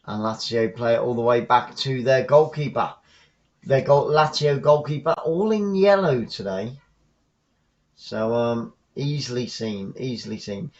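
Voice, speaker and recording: A man from the south coast of England with a Southern English accent, giving chatty live football commentary as a fan, shouting on goals. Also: mid-range voice, measured pace, lo-fi sound.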